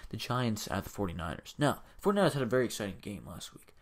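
A young man runs through his weekly sports picks in a relaxed, chatty way, his voice sitting somewhat low. Now and then he builds into energetic, hyped runs of short punchy phrases. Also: fast, few pauses. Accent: says he has a strange accent. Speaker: video host. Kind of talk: casual sports predictions.

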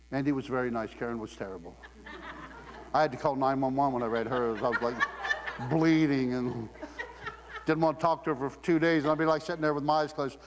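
A man's voice: medium pitch, fairly quick. A man preaching a sermon in a church, telling humorous stories and acting out the voices of the people in them. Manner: animated storyteller, acts out quotes in raised voice. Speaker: guest preacher. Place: church sanctuary. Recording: long hall reverb, mains hum.

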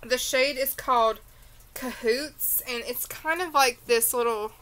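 A woman with a Southern US accent, talking in an unhurried, drawn-out way as she unboxes beauty products. Her voice sits a little high and sounds bright. She is tired and rambles off into tangents. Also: poor audio. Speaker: beauty vlogger. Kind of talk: casual unboxing chat.

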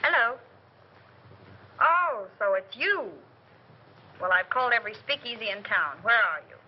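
An actress playing a quick-witted young woman reporter, brisk and teasing, in 1930s film style on an old soundtrack. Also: a little high, lively intonation, slightly rough, lo-fi sound.

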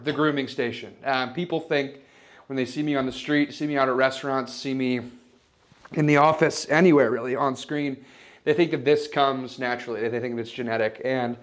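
A man's voice: medium pitch, normal speed, natural voice. A young man playing a smug, oblivious rich guy who shows off his loft in a rambling, boastful, mock-sentimental way. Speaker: comedic character giving a home tour. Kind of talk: improvised parody home-tour sketch. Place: apartment loft, walking room to room.

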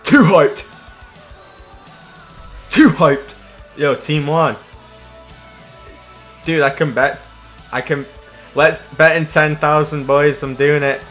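A man hosting his own gaming channel, giving casual commentary while he plays, excitable and swearing freely as he shouts and laughs. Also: fairly high pitch, slow pace, long pauses, soft background music.

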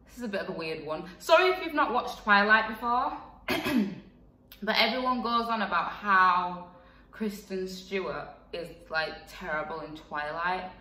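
Young woman, casual vlog, frank and chatty, bright voice, roomy echo. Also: mid-range voice, normal speed, far from the mic. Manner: chatty, frank, lots of fillers and laughs. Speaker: vlogger. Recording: echoey room, voice a bit off-mic.

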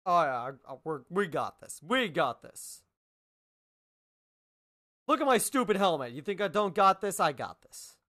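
A man's voice: sits high, very animated, a little slow, long pauses, sharp tone. A man streaming a game live, playfully joking and bantering with the characters on screen and repeating lines for laughs. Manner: playful, jokey, talks back at the game characters; goofy, repeats lines for comic effect. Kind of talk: live gaming stream commentary.

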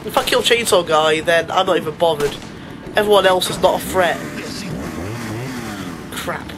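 A man commentates a game as he plays it, swinging from joking to panicked shouts and laughter. His voice sits high. Clear noise runs under the home recording. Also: moderate pace, pauses often. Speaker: gamer. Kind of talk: let's play commentary.

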